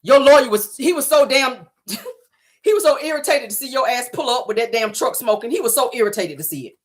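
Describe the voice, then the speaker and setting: A woman's voice: high voice, expressive, a little fast. Sassy woman mocking someone in a gossip vlog. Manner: mocking, scolding, repeats her jabs. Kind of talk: sassy reality-TV gossip commentary.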